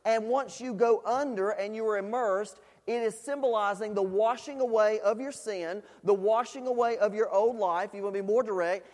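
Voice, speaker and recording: A man's voice: sits high, a little mellow, in a large hall. A man preaching a sermon to a church congregation, in a conversational style full of fillers, rising to emphatic questions. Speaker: pastor. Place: church sanctuary.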